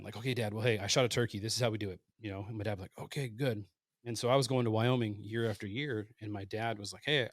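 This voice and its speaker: A man in his late thirties telling hunting stories casually on a podcast, animated and acting out the voices he quotes. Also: fairly low pitch, no echo, studio quality. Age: 30s. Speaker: podcast guest, hunter. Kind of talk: casual storytelling.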